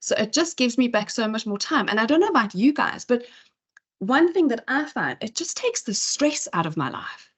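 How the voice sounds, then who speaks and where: A woman's voice: fairly high pitch, sing-song, moderate pace, breathy edge. A woman speaker giving a chatty talk at an in-person event, full of fillers and asides. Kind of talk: conference talk.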